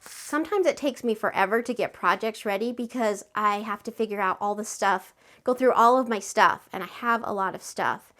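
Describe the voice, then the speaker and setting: A woman hosting a step-by-step craft tutorial, chatty and friendly, gushing with excitement over her project. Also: medium pitch, normal speed.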